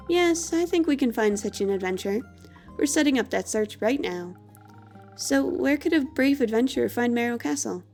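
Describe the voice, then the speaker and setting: Woman streamer, reading a game aloud, lively pitch, mellow tone, faint background music. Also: normal speed.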